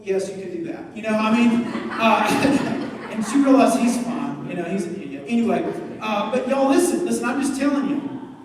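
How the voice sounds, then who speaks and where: Recorded from afar in an echoey hall with crowd noise around him, a youth pastor delivers a sermon to students at normal speed. His voice is high, and he tells animated stories laced with jokes and asides.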